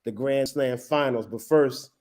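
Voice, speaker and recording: A man's voice: medium pitch, measured pace. Hype-man host of a poetry slam. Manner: energetic hype with many fillers. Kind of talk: hyped event hosting.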